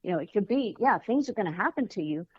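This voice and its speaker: A woman talks through a story in an easy, casual way and jumps into the voices of the people she quotes. Her delivery is animated and expressive. The recording is dry and a little muffled, like remote call audio. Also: medium pitch, fast, husky, no room sound. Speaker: guest, children's author and life coach. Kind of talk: casual interview chat.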